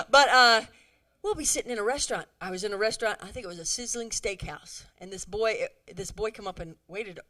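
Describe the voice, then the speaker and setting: Middle-aged woman speaker, lively church talk, brightish higher voice, acts out little scenes. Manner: animated, acts out quoted dialogue, chatty asides. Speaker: women's conference speaker. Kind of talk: humorous talk to a church audience.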